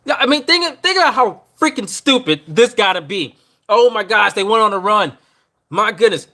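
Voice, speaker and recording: A man with a high, bright voice rants on his podcast stream about a coach he can't stand. His delivery is rambling and exasperated, full of repeats and half-finished thoughts as he vents. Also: animated, normal speed. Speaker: podcast host. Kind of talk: ranting live stream sports talk.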